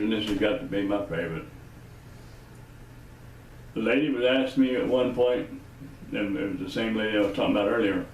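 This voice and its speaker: A man's voice: medium pitch, darkish tone, a little hiss or hum. A man, telling funny stories casually and laughing often. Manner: laughs often, teasing, folksy. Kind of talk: casual storytelling. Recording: roomy, slightly distant mic.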